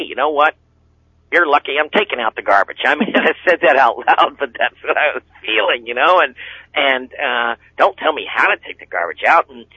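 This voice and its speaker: Middle-aged male coach, folksy rambling radio guest, mid-pitched voice, lo-fi sound. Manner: folksy, rambling, with fillers and acted-out quotes. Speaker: seminar speaker and relationship coach. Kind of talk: guest talk on a radio show. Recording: dull lo-fi radio audio.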